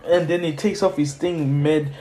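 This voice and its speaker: A man's voice: on the high side, fairly even intonation, normal speed, warm tone. Rambling casual male storyteller. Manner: rambling, with fillers and self-corrections. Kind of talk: casual fan-story retelling. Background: faint lofi music.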